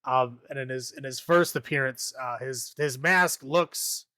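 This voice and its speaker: A man's voice: mid-range voice, a little slow, pushed and bright, dry recording. A man casually recapping a horror movie on a podcast, rambling, laughing often and acting out the characters' lines. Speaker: podcast co-host.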